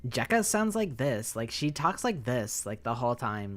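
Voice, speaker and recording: A man's voice: medium pitch, big pitch swings, normal speed, a bit bright. Young male streamer, casual rambling chat, loose and profane. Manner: rambling, swears, filler-heavy.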